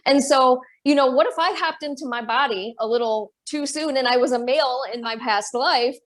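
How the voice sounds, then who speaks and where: A woman's voice: high-pitched, normal speed. A woman with a Michigan accent co-hosting a spiritual podcast, talking bluntly and swearing freely in casual chat. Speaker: podcast co-host, medium.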